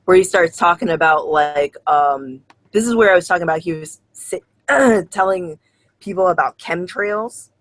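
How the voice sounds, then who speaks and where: A man's voice: high-pitched, normal speed, a bit bright, no room sound, rough recording. A man casually commenting on a video clip, hesitant and full of "like" and "um". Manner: hesitant, lots of "like" and "um".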